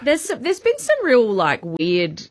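A woman co-hosting a radio show, chiming in with quick, teasing remarks in casual banter. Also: a little high, huge pitch swings, a loud crowd. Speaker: radio co-host.

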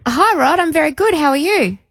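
A woman filling in as co-host on a radio show, chiming in brightly. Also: high-pitched, expressive, fairly quick, no room sound, clean studio sound. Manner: bubbly, chiming in. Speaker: fill-in co-host.

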